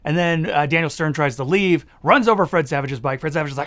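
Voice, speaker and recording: A young man rattles through a comedic movie review at high speed. His voice sits fairly high and swoops up and down constantly, and he keeps slipping into quick put-on character voices for laughs. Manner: animated, jokey, acts out characters in quick asides.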